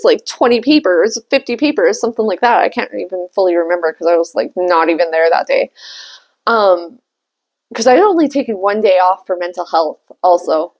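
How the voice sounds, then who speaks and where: A woman telling a personal story in a candid, chatty way, swearing freely and laughing often. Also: medium pitch. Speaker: tarot reader and vlogger. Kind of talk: casual storytelling.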